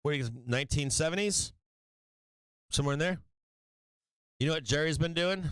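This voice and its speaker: A man's voice: a little high, moderate pace, fairly bright tone, clear, resonant tone, dry recording. A man hosting a live stock market stream, rambling and mocking, swearing often as he talks to his viewers. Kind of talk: casual profane market chat.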